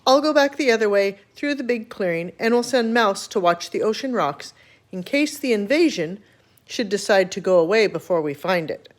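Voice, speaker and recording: A woman's voice: medium pitch, animated, normal speed, close to an everyday voice. A woman voicing a suspicious, gossiping wild boar in a storybook reading, with a fussy manner. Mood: bossy.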